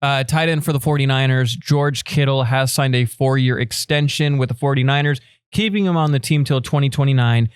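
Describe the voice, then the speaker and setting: A man's voice: mid-range voice, brisk, smooth, dry recording, studio quality. A man co-hosting a casual podcast, chatty and teasing, laughing often. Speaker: podcast co-host. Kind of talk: casual sports chat.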